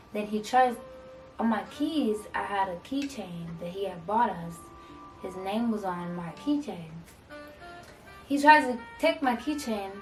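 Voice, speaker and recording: A young woman vlogger casually telling a storytime, acting out both sides of an argument in an animated way. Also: medium pitch. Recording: echoey room, mic at a distance, faint music.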